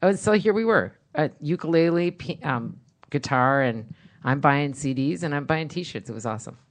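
A woman co-hosting a podcast, telling funny stories in a chatty, animated way. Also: low-pitched, moderate pace. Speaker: podcast co-host. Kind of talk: casual storytelling chat.

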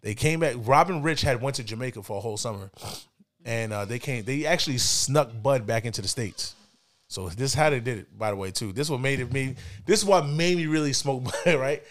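A man casually telling a long personal story on a podcast, slangy and relaxed, getting animated when he quotes people. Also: medium pitch, fairly quick. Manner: laid-back, slangy, animated when quoting others. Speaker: podcast co-host. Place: indoors, podcast setting.

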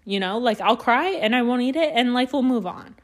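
Young canadian woman rambling on her podcast, bit high-pitched, swears a ton, laughs at herself. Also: animated, a little fast. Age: young adult. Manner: rambling, swears a lot, self-deprecating. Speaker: podcast host. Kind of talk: casual solo podcast storytelling.

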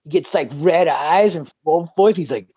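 A man's voice: a little high, normal speed, mellow, slightly rough, dry recording. A man co-hosting a podcast, telling a rambling story full of swearing in casual chat. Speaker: podcast co-host. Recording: dull lo-fi dry sound.

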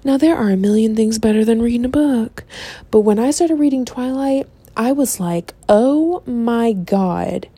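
A young woman talks in a casual, profane, dramatic way and often drops into sassy mock voices. Her voice is dark and mellow. The recording is dry and close. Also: a little high, moderate pace, husky, dry recording. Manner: sassy, animated, swears freely, slips into mock voices.

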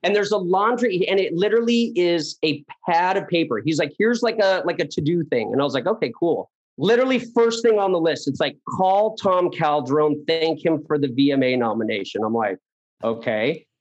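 Male guest, fairly high voice, casual animated storyteller. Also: normal speed, husky, muffled recording. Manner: animated, acts out quoted people, many fillers.

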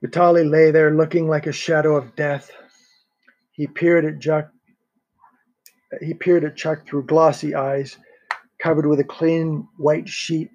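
A man narrating a thriller audiobook in a steady reading voice, with a few small restarts. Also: on the high side, a little slow, pauses often, dull audio.

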